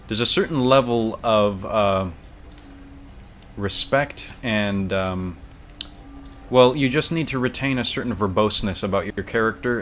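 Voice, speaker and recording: A man's voice: fairly low pitch, a bit bright, a little hiss or hum. A man streaming a video game, chatting casually with lots of fillers and restarts. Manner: rambling, many fillers and restarts, banter with chat. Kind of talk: casual chat while gaming.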